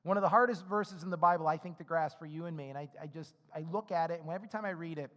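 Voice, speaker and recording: A man's voice: fairly high pitch, fast talker, fairly bright tone, long reverb tail. A man preaching a sermon as a pastor, in a conversational way, acting out the characters' dialogue and often tagging his points with "right?". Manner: frequent tag questions "right?".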